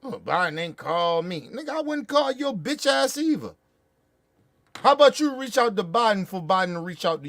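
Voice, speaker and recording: A man's voice: high voice, dry recording. A man hosting a show, ranting about politics in a heated, profane way with angry bursts. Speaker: show host.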